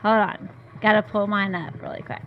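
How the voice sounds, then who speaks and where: A woman getting ready to give a toast, chatting in a relaxed way. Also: medium pitch, brisk, narrow, tinny audio, soft background music. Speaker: friend giving a toast.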